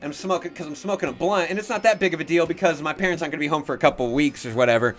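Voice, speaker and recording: A man's voice: a little high, rapid-fire, soft background music. Profane rambling man telling a story. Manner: profane, rambling, animated when shouting quotes. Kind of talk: casual storytelling.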